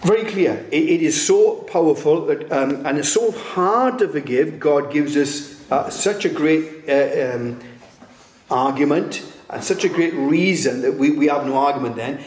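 A man's voice: fairly high pitch, unhurried, darkish tone. A man preaching a sermon in a conversational way, often turning points into rhetorical questions. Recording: roomy echo.

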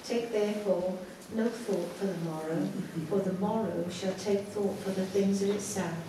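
A woman reads scripture aloud in a slow, measured way. She is far from the mic in a very echoey hall, and clear background noise sits under her voice. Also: mid-range voice, steady tone. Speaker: scripture reader. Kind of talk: Bible reading.

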